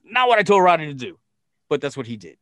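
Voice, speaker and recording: A man's voice: fairly high pitch, fast, no echo. Swearing storyteller man, dry close mic. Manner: profane, animated, acts out quoted voices. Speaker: podcast guest telling stories. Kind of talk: casual storytelling chat.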